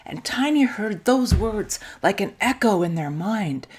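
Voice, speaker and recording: A woman minister gently telling a children's story during a church service, soft-spoken and sometimes dropping to a hush. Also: mid-range voice, expressive, unhurried, slightly rough. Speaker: intern minister.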